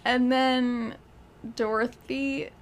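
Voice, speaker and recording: A woman's voice: sits high, fairly even intonation, drawn-out words. A woman co-hosting a podcast, recapping a film in casual chat with wry, amused disbelief. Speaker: podcast co-host.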